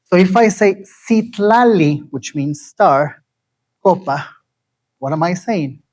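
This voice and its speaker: A man's voice: sits high, lively intonation, a little mellow, low-quality recording. Man lecturing a live audience. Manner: asks the audience questions and repeats phrases slowly.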